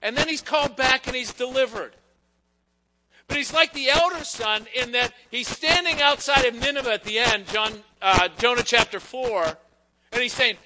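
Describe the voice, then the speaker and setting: A man's voice: very high voice, noisy background. A male pastor delivering a conversational sermon, slipping quoted lines into his talk. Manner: conversational preaching, quoting figures in quick asides.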